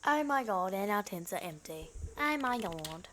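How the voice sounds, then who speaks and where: A woman with a New Zealand accent giving excitable, chatty let's-play commentary, calling out to game characters and yelling in reactions. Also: medium pitch, normal speed, a little hiss or hum. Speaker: gaming streamer. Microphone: desk microphone. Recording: loud game music over the voice. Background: loud game music.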